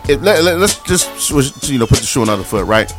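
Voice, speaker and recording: A man's voice: mid-range voice, quick pace, music in the background. A man co-hosting a talk show, debating in casual chat and acting out other voices as he argues. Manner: animated, acts out other voices while arguing.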